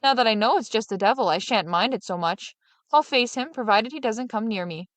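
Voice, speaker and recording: A woman voicing a gullible, easily frightened farmer who speaks in excitable, fearful bursts, in a storybook reading. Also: fairly high pitch, fairly quick, dry recording, lightly acted. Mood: nervous.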